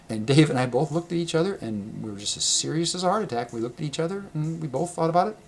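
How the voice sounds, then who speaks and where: A man casually telling a personal travel story, rambling and correcting himself, laughing often and getting animated when he quotes people. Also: medium pitch, fast, creaky, slight background noise. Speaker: vlogger.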